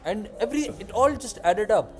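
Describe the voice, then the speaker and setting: A man's voice: high voice, fairly quick. A young man hosting a podcast, telling a story in casual chat and acting out the voices of people in it. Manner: animated, acts out quoted voices.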